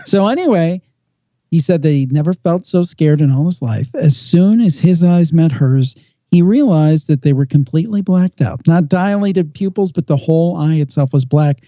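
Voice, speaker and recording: A man telling an eerie first-hand report on a podcast, slowing down for dramatic effect. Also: fairly high pitch, lively intonation, mellow, no room sound. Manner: measured storyteller with slow dramatic pauses. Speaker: paranormal podcast guest host. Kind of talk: storytelling on a podcast. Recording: dull lo-fi sound, dry.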